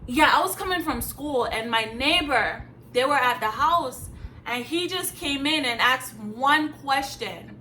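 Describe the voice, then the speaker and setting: A woman's voice: sits high, lively intonation, a little slow, bright, forceful tone, slight background noise, low-quality recording. A young woman from Jamaica, telling a personal story in a blunt, emphatic way with casual slang. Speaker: vlogger. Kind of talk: candid storytime vlog.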